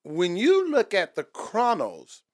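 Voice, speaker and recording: A man's voice: sits high, huge pitch swings, takes it slowly. A man co-hosting a casual faith talk, speaking earnestly in a preaching tone and often repeating words as he builds a point. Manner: earnest, repeats words, asks "you know what I'm saying".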